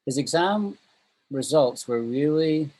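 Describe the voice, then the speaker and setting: A man's voice: a little high, animated, slow, dark tone, low-quality recording. A man teaching an online English class, patiently drilling pronunciation over a video call.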